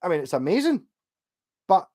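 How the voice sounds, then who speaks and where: A man's voice: high voice, sing-song, normal speed, mellow. A chatty man streaming from home late at night, a few drinks in and rambling cheerfully. He hops between topics, reads out viewers' messages and breaks into easy laughs as he goes. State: drunk. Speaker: livestreamer. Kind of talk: casual livestream chat, reading out chat.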